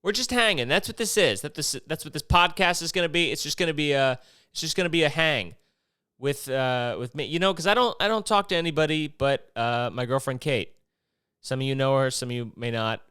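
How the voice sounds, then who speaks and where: A man's voice: fairly high pitch, lively intonation, a little fast, sharp tone, clear, resonant tone, dry recording, clean studio sound. A man from Maryland hosting a casual solo podcast, rambling and profane and jumping between topics. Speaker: podcast host.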